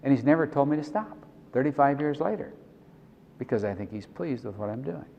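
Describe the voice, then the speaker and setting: A man's voice: mid-range voice, fairly quick, gravelly, a little hiss or hum. A middle-aged man giving a conversational Christian conference talk, acting out prayers and dialogues, often restarting his phrases. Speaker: Christian speaker and consultant. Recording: dull recording with long hall reverb.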